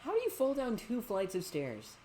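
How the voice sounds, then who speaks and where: A woman's voice: huge pitch swings, normal speed, mellow, a little hiss or hum, poor audio. A woman doing a frightened pleading teenage girl. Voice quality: high, strained, pleading.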